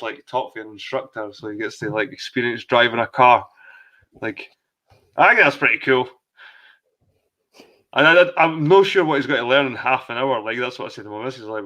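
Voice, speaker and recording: A man's voice: mid-range voice, sharp tone. A man in his thirties hosting a casual late-night video call chat, laid-back and swearing freely. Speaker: host.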